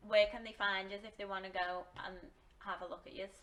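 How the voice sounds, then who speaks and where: A woman's voice: mid-range voice, little pitch movement, brisk, fairly bright tone. A woman hosting a casual podcast interview, chatty with plenty of fillers. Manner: chatty, laughs easily, many fillers. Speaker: podcast host.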